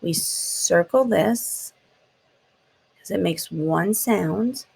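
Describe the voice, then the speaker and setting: A woman teaching phonics to small children, drawing each sound out and walking them through the letters one step at a time. She speaks slowly in a low voice with a gravelly, husky edge. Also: darkish tone, poor audio. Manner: slow, sounds out letters and taps words. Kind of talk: phonics lesson for young children.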